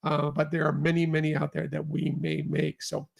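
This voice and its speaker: Upbeat male podcast host, casual and chatty, with a high voice that has some gravel in it. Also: monotone, normal speed. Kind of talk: casual chat.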